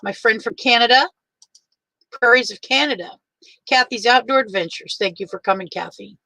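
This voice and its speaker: Older woman, livestream host, teary, warm and chatty, bright higher voice. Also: moderate pace, no room sound, low-quality recording. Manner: warm, chatty, greets each viewer by name. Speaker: livestream host greeting viewers. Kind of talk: casual livestream chat.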